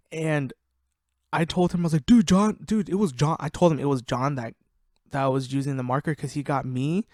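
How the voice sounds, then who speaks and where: A man's voice: on the high side, dry recording, clean studio sound. A young man hosting a podcast, swearing freely and laughing through casual stories about his friends. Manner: profane, laughing, animated storyteller. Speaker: podcast host. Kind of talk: casual storytelling.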